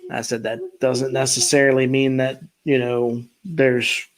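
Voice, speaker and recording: A man with a Maryland accent, hosting a casual podcast chat and telling stories with drawn-out pauses that trail off quietly. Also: mid-range voice, level tone, poor audio. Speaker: podcast host.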